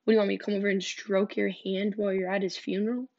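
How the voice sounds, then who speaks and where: A woman's voice: medium pitch, level tone, fast talker, darkish tone. A young woman hosting a podcast, telling dating stories in a candid, blunt way and swearing freely. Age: young adult. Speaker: podcast host. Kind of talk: casual storytelling podcast. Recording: dull lo-fi recording.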